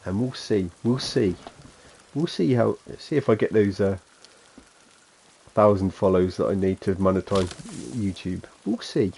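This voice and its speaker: A man's voice: on the low side, a little slow, gravelly, darkish tone, slight background noise. A man with a Suffolk accent chatting casually and rambling as he streams a game, chuckling to himself. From England. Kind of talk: casual gameplay chat.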